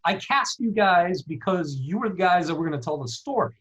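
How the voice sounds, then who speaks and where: Slightly high-voiced man on a dull line. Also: expressive, brisk, fairly bright tone. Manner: rambling, many likes and you knows. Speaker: film director. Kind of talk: casual interview chat. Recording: dull lo-fi sound.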